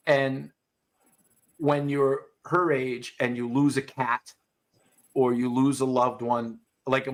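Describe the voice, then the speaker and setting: A man hosting a podcast, talking in a blunt, profane, animated way as he tells stories in casual chat. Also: medium pitch. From US South. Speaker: podcast host, dog trainer.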